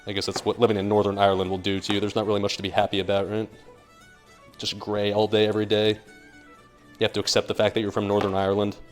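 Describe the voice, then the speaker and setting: A man's voice: fairly low pitch, monotone, quick pace. A young American man cooking on a live stream, rambling and joking as he reads chat aloud. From United States. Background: faint music.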